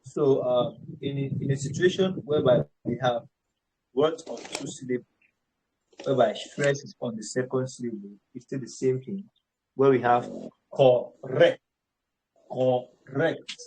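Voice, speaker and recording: A man teaching an online English lesson on word stress, slowly repeating words and checking in with "all right". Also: mid-range voice, darkish tone, slight background noise, low-quality recording. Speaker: English tutor.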